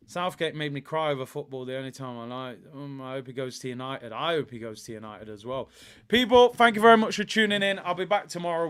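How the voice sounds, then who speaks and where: A man hosting a football watch-along stream, excitable and slang-heavy, often shouting. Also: fairly high pitch, clear, resonant tone. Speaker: streamer host.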